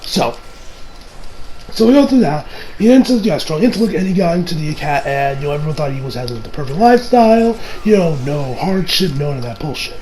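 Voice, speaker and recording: A man with a hoarse, strained voice reviewing an anime episode in a rambling, profane, casual way with many restarts. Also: on the high side, sing-song, fairly quick, dark tone, rough recording.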